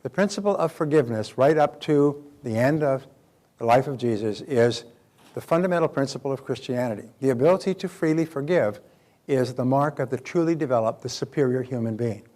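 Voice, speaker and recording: A middle-aged man delivers a motivational seminar lesson in an emphatic, lively way. He voices little scenes of dialogue to make his points. His pitch sits in the middle for a man. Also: brisk. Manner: emphatic, acts out quoted dialogue. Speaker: self-development speaker.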